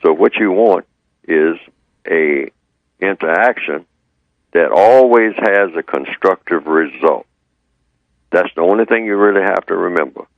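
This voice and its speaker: A man, the guest on a radio show, explaining his ideas in a measured way and repeating his points. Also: deep voice, vocal fry, no echo, narrow, tinny audio. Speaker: guest speaker.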